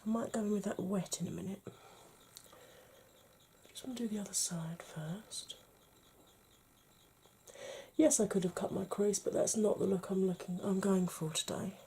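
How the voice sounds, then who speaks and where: Soft-spoken woman doing a makeup tutorial. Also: mid-range voice, steady tone, normal speed, pauses often, a little hiss or hum. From United Kingdom. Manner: chatty, often drops to a whisper while working. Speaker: makeup vlogger.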